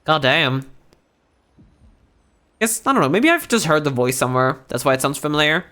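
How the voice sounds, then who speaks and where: A man's voice: fairly high pitch, big pitch swings, normal speed, sharp tone. A young man chatting casually while streaming a game, rambling with lots of fillers and restarts. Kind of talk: casual chat while gaming.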